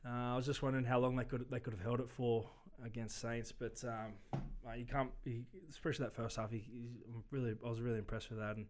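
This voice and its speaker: A man's voice: mid-range voice, little pitch movement, fast, hardly any pauses, background noise. A man who plays rugby league, a guest chatting casually about a game and often repeating and restarting his words. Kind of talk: casual chat. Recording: crowd chatter behind.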